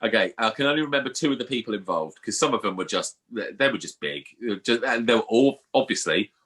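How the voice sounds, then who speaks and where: A man's voice: fairly low pitch, expressive, quick pace, fairly bright tone, slightly rough. A man co-hosting a podcast, telling a story in casual chat and swearing freely. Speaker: podcast co-host.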